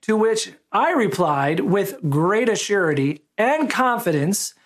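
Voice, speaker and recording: A man, a pastor, giving a conversational sermon that opens with a personal story, told with a relaxed, self-deprecating humor. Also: high-pitched, slow pace.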